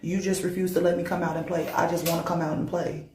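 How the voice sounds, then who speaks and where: A woman voicing a sinister female double from a mirror, speaking low and hushed in a coaxing way. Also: flat delivery, fast talker, echoey room, slight background noise, lightly acted. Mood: eerie coaxing.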